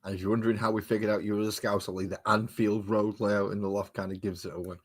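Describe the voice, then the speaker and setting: A man's voice: lowish voice, flat delivery, fast talker, slight background noise. A man chats casually on a live stream while painting miniatures, trading sarcastic banter with viewers and muttering to himself as he works.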